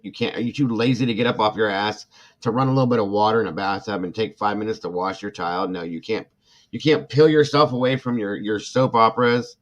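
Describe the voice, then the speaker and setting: A middle-aged man hosts a true crime livestream, speaking briskly in a fairly low, steady voice. He rants with indignant passion, reads chat comments, and apologizes between outbursts, all on a dull lo-fi recording.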